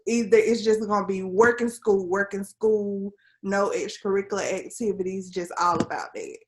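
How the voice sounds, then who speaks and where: A woman's voice: mid-range voice, moderate pace. Young woman telling her story earnestly. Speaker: interview guest, civil engineer. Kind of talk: casual conversational interview.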